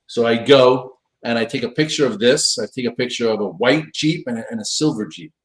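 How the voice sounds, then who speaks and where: A middle-aged professional trader with a brisk, mid-range voice tells a story casually on a live stream. He acts out quoted dialogue, his voice jumping dramatically between lines.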